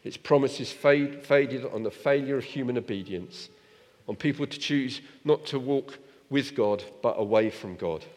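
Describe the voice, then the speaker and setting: A man preaching a sermon in a church, lively and direct, asking his congregation rhetorical questions. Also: medium pitch, measured pace, big-room sound.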